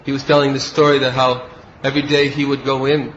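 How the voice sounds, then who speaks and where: A man's voice: medium pitch, little pitch movement, fast talker, fairly bright tone, muffled recording, a little hiss or hum. A man giving a devotional lecture as a spiritual teacher, telling stories and acting out the quoted speech of the people in them. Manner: storytelling, acts out quoted speech.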